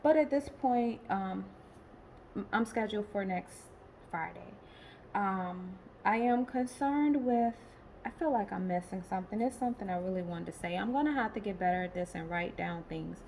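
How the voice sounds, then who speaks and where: A woman in her late forties talking in a personal vlog, tired and emotional, rambling and halting with many pauses and restarts. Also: mid-range voice, creaky, a little mellow, slight background noise, poor audio. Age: late 40s. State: tired and emotional, has been crying. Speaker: vlogger.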